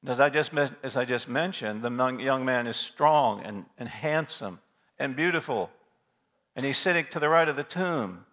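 A man's voice: mid-range voice, animated, moderate pace, fairly bright tone. A male pastor preaching a sermon in an emphatic way, stopping to ask his listeners rhetorical questions.

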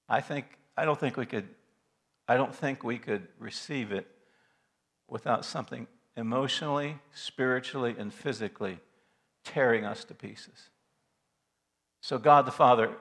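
Male preacher swinging from hush to loud. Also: medium pitch. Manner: dramatic swings between hushed and loud passages. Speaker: pastor. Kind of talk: sermon.

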